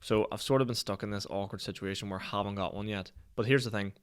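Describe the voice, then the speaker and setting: A man's voice: on the low side, steady tone, fast, clear, resonant tone. A Northern Irish man in his twenties hosting a solo podcast, telling rambling, self-mocking stories with plenty of swearing and laughter. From Northern Ireland. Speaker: podcast host. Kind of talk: solo casual podcast chat.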